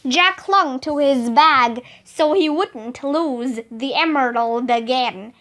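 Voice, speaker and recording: Very slow, high-voiced woman reading aloud. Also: fairly bright tone. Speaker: narrator. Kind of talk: reading a children's book aloud.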